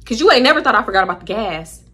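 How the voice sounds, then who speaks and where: A young woman telling an animated, candid storytime vlog, slangy and profane. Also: fairly high pitch, rapid-fire, slightly rough. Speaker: vlogger.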